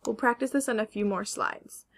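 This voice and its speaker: A woman teacher giving a recorded phonics lesson to young children, slowly stretching out words to model their sounds. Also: a little high. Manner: slow, careful, stretching sounds to model pronunciation.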